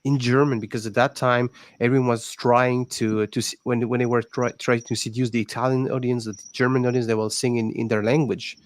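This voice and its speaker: A young man talks casually, stopping and restarting his thoughts as he goes. His voice sits at an average pitch. The recording is dry and close, with no room sound. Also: little pitch movement, no room sound. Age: 20s. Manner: halting, with many restarts and fillers. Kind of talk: casual chat.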